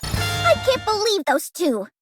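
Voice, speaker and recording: A fiery young woman manager insists and scolds in a very high, lively voice. She talks bossy and indignant, never backing down. Game music plays clearly under her lines. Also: moderate pace. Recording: game dialogue over music.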